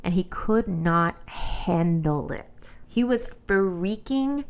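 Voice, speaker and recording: A woman host telling a personal story as commentary, in an animated, blunt and exasperated way. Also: on the low side, takes it slowly, clean tone.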